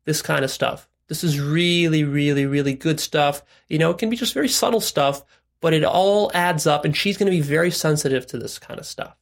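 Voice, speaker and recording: A man's voice: a little high, brisk, creaky. A man giving frank, direct relationship and sex advice in a casual monologue, explaining step by step with "right?" asides.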